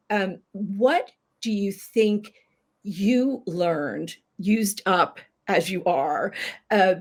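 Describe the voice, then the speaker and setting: A woman book critic co-hosting an interview, asking long questions in a deliberate, thoughtful way with pauses. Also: mid-range voice.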